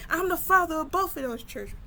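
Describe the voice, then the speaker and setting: A woman's voice: a little high, moderate pace, fairly bright tone, a little hiss or hum. A woman voicing an angry young man scolding his sister in a spoken story. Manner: heated, scolding, emphatic.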